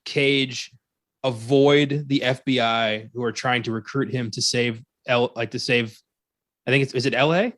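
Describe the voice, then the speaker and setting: A man's voice: medium pitch, fairly even intonation, measured pace, a bit bright, no room sound, clean studio sound. A man co-hosting a casual movie review podcast, sarcastic and laughing often, swearing freely. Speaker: podcast co-host.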